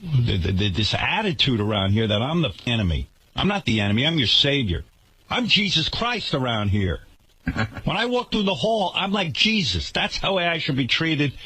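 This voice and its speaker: A husky-voiced man rants on his radio talk show, sarcastic and indignant. His pitch swings widely as he talks, and his tone stays forceful and sharp throughout. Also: big pitch swings, normal speed.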